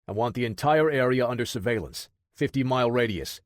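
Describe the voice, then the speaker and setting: A stern male intelligence director barks brisk instructions to his technicians, voiced by a male narrator. He sounds firm and in charge. The recording is dry and close. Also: medium pitch, animated, no room sound, close to an everyday voice. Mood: commanding. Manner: brisk, commanding.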